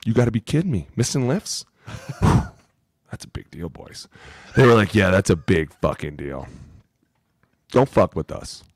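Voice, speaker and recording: A man's voice: fairly low pitch, sing-song, measured pace, pauses often, no echo. A man co-hosting a football podcast, a former lineman telling profane, emphatic locker-room stories in casual chat.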